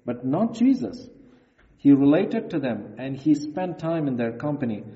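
A man's voice: medium pitch, lively intonation, a little slow. A man preaching a sermon in an earnest, emphatic way, reading scripture aloud. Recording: echoey hall, dull lo-fi sound.

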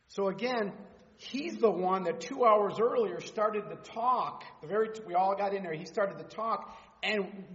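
A man's voice: sits high, fairly bright tone, in a large hall, dull audio. A man in his fifties teaching a Bible study in an informal sermon, telling personal stories and reading scripture aloud. He rambles, repeats words and restarts phrases, and raises his voice for scripture.

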